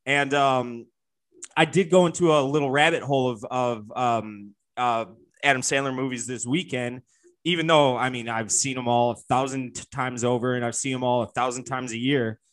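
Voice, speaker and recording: A man's voice: medium pitch, fairly even intonation, moderate pace, a bit bright. Guy rambling on a podcast, lots of um and like, restarts a bunch. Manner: rambling, many fillers and restarts. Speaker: podcast co-host. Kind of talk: casual chat.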